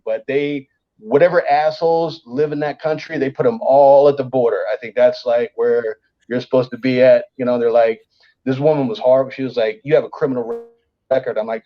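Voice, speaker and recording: A comedian guest with a medium-pitched male voice tells a story over dull audio. He's casual and profane and very animated, imitating the voices of everyone in the tale.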